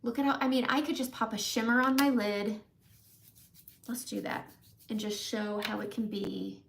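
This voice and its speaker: A woman's voice: medium pitch, normal speed, slight background noise. Chatty woman hosting a live makeup demo. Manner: chatty, greets viewers while applying makeup. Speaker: makeup livestream host.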